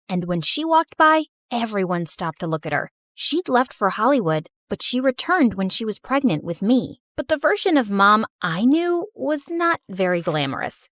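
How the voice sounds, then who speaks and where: A young adult woman giving expressive, emotional first-person narration of an animated story. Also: on the high side, no room sound, studio quality.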